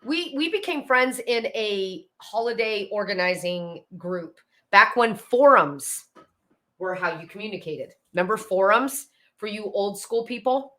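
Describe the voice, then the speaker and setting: A woman's voice: medium pitch, animated, a little slow, bright, forceful tone. A woman, chatting casually on a live stream, greeting viewers by name and wandering into tangents. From Pennsylvania, USA. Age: 50s. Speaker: host of a live decluttering stream. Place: home, indoors.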